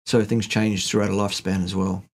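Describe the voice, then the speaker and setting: A middle-aged man with a low, husky voice co-hosts a relaxed live question-and-answer stream. He answers plainly and bluntly, slipping in teasing jokes. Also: a little fast. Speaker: co-host answering viewer questions. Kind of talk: casual live Q&A chat.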